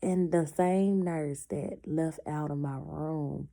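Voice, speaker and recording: A woman's voice: low-pitched, steady tone, takes it slowly, gravelly, warm tone. A woman telling a personal story casually, acting out the people she quotes and stopping now and then to say she is in pain.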